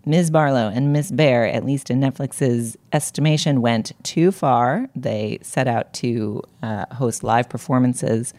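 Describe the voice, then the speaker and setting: A woman hosting a culture podcast, talking in a wry, articulate way with frequent filler pauses. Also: very deep voice, a little mellow. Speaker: podcast host.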